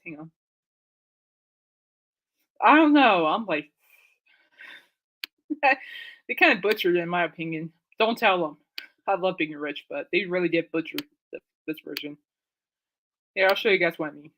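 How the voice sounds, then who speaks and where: A woman's voice: medium pitch, a bit bright, rough recording. A woman hosting her own podcast live, rambling casually with lots of fillers and exclamations. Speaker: podcast host. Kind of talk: casual live-stream chat.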